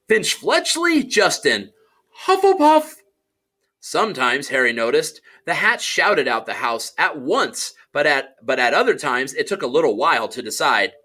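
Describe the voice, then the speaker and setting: Animated, bright-voiced male audiobook narrator. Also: medium pitch, normal speed, few pauses. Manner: animated storytelling, does character voices.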